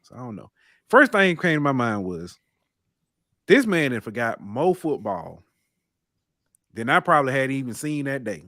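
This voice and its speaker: A man co-hosting a casual sports podcast, telling game-day stories with lively swings in pitch and loudness. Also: moderate pace, pauses often, no echo, clean studio sound. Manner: animated storytelling, rises in pitch and volume when excited. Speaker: podcast co-host.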